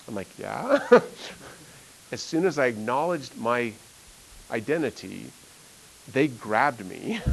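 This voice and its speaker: A middle-aged math teacher tells a story in a classroom, rambling with lots of fillers and laughing often. His mid-range voice is creaky, and the poor audio carries a faint hiss.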